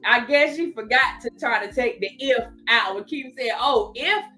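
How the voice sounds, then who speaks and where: A high-pitched woman hosts a casual live stream, laughing a lot as she talks to her viewers and reads their comments. Her voice is bright and sharp, and faint music sits behind her. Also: normal speed. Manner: laughing often, chatty and animated, reading viewer comments aloud.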